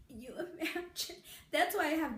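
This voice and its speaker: Casting note: woman vlogger, high voice, unhurried, giggly storyteller, echoey room. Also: slight background noise. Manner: giggly, laughing through the story. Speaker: beauty vlogger. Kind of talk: casual storytelling.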